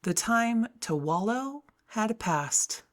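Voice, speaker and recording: A woman's voice: a little high, lively intonation, slow. A woman narrating a first-person audiobook in a wry, self-mocking storytelling manner.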